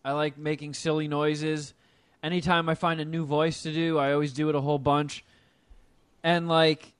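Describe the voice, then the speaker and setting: A young man co-hosting a podcast in loose, profane banter, his voice sitting a bit high. The sound is dry and close on the mic. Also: smooth, no room sound. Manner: loose, profane, reads listener emails. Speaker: podcast co-host. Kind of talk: casual chat.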